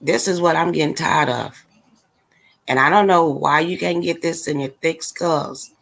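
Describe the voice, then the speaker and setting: A woman's voice: deep voice, a little slow, gravelly, fairly bright tone. A woman hosting a casual livestream, ranting bluntly and with exasperation straight to her viewers. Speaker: livestream commentator.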